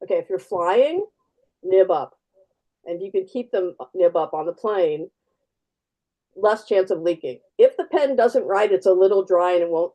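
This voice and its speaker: A woman's voice: lowish voice, mellow. A woman artist giving a live fountain pen demo, chatty and practical, repeating key words for emphasis. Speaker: artist demonstrating fountain pens.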